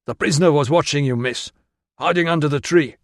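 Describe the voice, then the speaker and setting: A man narrating puts on a gruff, bullying soldier at a fort gate. The voice rides higher and louder than the reader's own. Heard in a dry, close audiobook recording. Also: fairly quick, dry recording, natural voice. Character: brash gruff male fort guard, older soldier.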